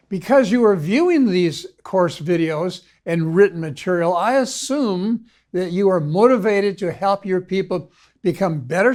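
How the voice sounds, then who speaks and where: A man, a ministry consultant, reading a scripted video lecture in a measured, formal way. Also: high voice, a little mellow. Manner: measured, formal read-aloud delivery. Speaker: ministry consultant and course instructor.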